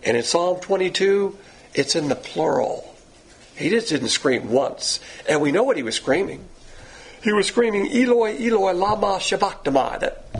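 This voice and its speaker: Male preacher, gravelly and husky, lively pitch, emphatic sermon delivery. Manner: emphatic, repetitive, rising and falling delivery.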